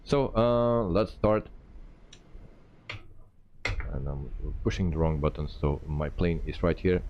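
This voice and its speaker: Man, very low voice, faint background hum, casual stream talk, many fillers. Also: dull audio. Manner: relaxed, thinking aloud with many "uh" pauses. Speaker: flight sim streamer. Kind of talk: live-stream commentary.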